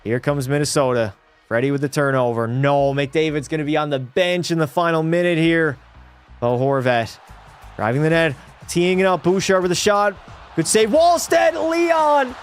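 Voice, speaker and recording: A young man streaming a hockey video game, commentating live and swinging into frustrated yelling at bad plays. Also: a little high, moderate pace, smooth, soft background music. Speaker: gaming streamer.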